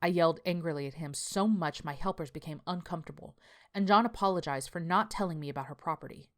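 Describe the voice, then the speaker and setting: A man's voice: on the high side, fast, close to an everyday voice. A woman voicing a tired male landscaper, telling his story in a plainspoken, confessional way. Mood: rueful. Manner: confessional, plainspoken first-person account. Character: weary male landscaper writing a journal.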